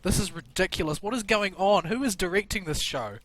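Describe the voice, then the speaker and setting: A man's voice: sits high, fairly quick, fairly bright tone. A man in a casual gaming voice chat, grumbling with dry sarcasm into a headset mic. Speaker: gamer on voice chat.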